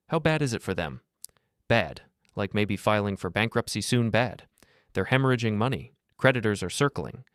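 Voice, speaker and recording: A man's voice: fairly low pitch, no echo, studio quality. A man reading a blunt, loyal male friend.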